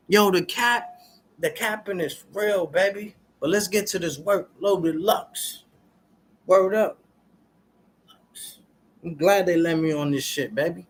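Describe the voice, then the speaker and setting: A man vlogging in a casual, preachy rant full of street slang, often turning to his viewers with "y'all" and getting loud and animated when worked up. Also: high voice, takes it slowly, long pauses, slightly rough. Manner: street slang, repeats "y'all" and "you understand what I'm saying". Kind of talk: casual ranting commentary to viewers.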